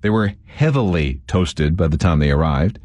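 Lively man telling a radio story. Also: deep voice, normal speed, dry recording. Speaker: radio host. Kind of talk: scripted storytelling narration.

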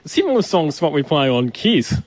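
A man's voice: on the high side, big pitch swings, fairly quick, poor audio. A man with an Australian accent chatting casually on a radio show in a plain, matter-of-fact way. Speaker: radio station staffer.

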